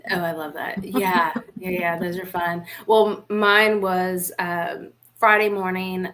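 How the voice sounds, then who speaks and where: A woman's voice: on the low side, level tone, slow, fairly bright tone. A woman co-hosting a podcast, telling frank, playful stories in a casual chat. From small town in the United States. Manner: chatty storytelling, playful and frank. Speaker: podcast co-host.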